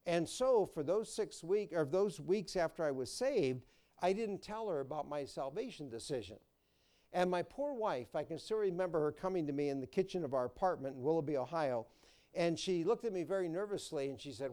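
A man's voice: fairly high pitch, lively intonation, a little fast, warm tone. A man preaching a sermon as pastor, folksy and storytelling. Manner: folksy, storytelling, repeats words.

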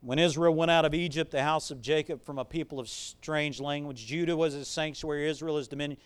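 A pastor preaching a sermon, reading scripture and swelling into loud, emphatic preaching with conversational asides. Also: male voice, fairly high pitch, steady tone, fairly quick, hardly any pauses, clean tone. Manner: conversational asides with fillers and restarts.

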